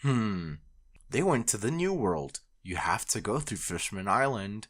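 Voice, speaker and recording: A man's voice: lowish voice, sing-song, measured pace. A man co-hosting a podcast in casual chat, laid-back and slangy but enthusiastic. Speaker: podcast co-host.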